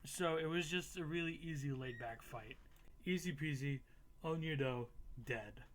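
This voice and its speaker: A man's voice: fairly high pitch, unhurried, fairly bright tone, slight background noise. A young man casually recapping a game playthrough, swearing freely and laughing at himself. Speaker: gaming YouTuber.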